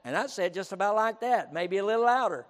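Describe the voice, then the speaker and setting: High-voiced emphatic preacher. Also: male voice, animated, fast. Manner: emphatic, repeats himself, keeps saying "listen". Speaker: pastor. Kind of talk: sermon. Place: auditorium. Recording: reverberant auditorium.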